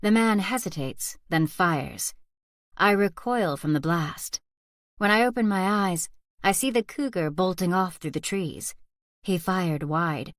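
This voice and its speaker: A woman reading a first-person thriller audiobook aloud as narrator in a soft, steady whispered role-play. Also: on the low side, a little slow, no room sound, clean studio sound. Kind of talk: scripted narration.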